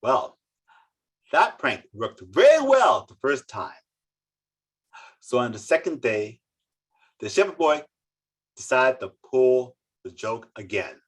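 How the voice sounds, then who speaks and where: Slow, animated storyteller on a video call. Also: slightly rough. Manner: slow, dramatic, with sweeping pitch. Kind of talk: oral folk tale telling.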